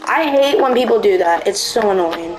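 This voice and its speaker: Excitable young woman gaming commentator. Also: medium pitch, moderate pace, soft background music, rough recording. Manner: excitable and playful, swinging between silly voices and deadpan asides. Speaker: gaming video creator. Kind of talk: gameplay commentary.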